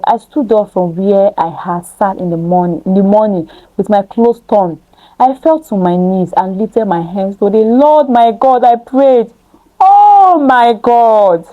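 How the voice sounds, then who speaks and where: A woman's voice: medium pitch, expressive, moderate pace, lo-fi sound. A woman reading scripture aloud and breaking off into emphatic preaching, with rhetorical questions to her listeners. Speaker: Bible study teacher.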